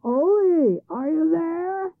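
A woman reading a storybook, voicing a big, greedy male troll who talks loudly and gloats. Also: medium pitch, very animated, moderate pace, gravelly, no echo. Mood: gloating. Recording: tinny phone-like sound.

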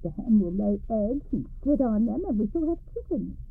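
A woman reading a storybook, voicing a doting, cheerful old farmer's wife who gushes praise at her husband. The voice is husky with some creak and sounds tinny and lo-fi. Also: fairly high pitch, very animated, moderate pace, full character voice. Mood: gushing. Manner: gushing, exclamatory praise. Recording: tinny lo-fi radio recording.

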